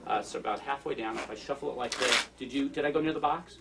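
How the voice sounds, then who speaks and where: On stage before a live audience, a fast-talking man with a medium-pitched voice delivers comic magic patter, joking and chatting with the crowd through self-mocking asides. The mic is distant and the audience noise is loud.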